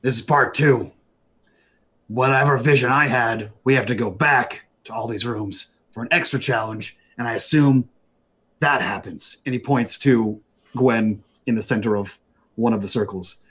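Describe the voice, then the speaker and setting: Husky guy at the game table, calm, little bit halting. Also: medium pitch. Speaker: player. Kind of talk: casual tabletop play.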